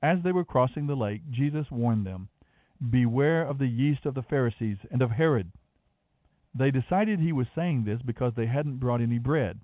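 A man reading a Bible passage aloud in a measured, expressive way, as the program's reader. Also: mid-range voice, dry recording. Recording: dry, phone-like narrow sound.

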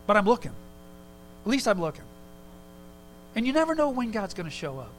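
A man preaching a sermon in a relaxed, conversational way, telling a personal story with quick asides. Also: high voice, slight background noise, low-quality recording. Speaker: pastor.

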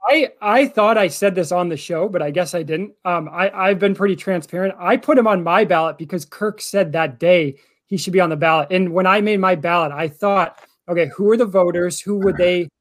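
A man on a podcast calmly explaining his reasoning, with some hesitation. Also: high voice, brisk, hardly any pauses. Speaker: podcast co-host. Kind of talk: casual podcast chat.

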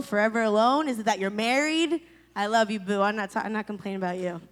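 A young adult woman preaching a sermon, telling stories with lively acted-out voices. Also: sits high, long reverb tail. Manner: animated storytelling, mimics voices. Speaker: pastor.

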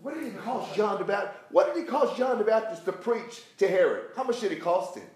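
A man's voice: high voice, sing-song, brisk, a little mellow. A man preaching and teaching from the Bible on a talk show, emphatic and repetitive in a preacherly cadence. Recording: echoey room.

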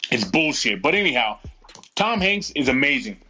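A man's voice: mid-range voice, big pitch swings, normal speed, sharp tone, slight background noise, low-quality recording. A man chatting on a podcast, ranting heatedly and swearing constantly. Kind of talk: profane casual chat.

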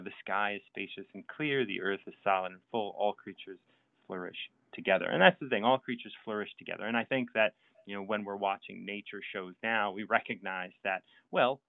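A man hosting a casual chat, talking in a halting, reflective way with many fillers. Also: on the low side, no echo. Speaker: podcast host. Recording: tinny phone-like line, dry.

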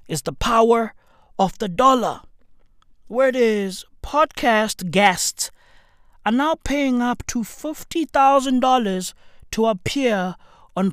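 A woman's voice: sits high, fairly bright tone, no echo, studio quality. A woman delivering a rambling, profane comedic rant as a podcast host. She uses a lot of slang and keeps tossing in "right?" as she goes. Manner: slangy, calls listeners "bruv".

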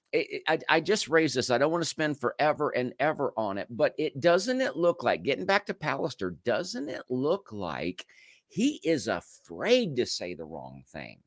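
A man's voice: mid-range voice, no room sound, clean studio sound. A man from Canada hosting a livestream, talking casually to his chat and firing off strings of rhetorical questions. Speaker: livestream host. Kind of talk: casual commentary to a live chat.

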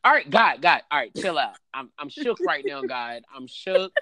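Animated, slangy man chatting. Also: fairly high pitch, moderate pace, dry recording. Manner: slangy, laughing, animated storytelling. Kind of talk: casual chat.

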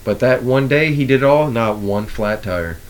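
A man's voice: mid-range voice, expressive, normal speed. A man co-hosting a podcast, chatting casually and animatedly, acting out coworkers' lines and swearing freely. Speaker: podcast co-host. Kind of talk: casual chat.

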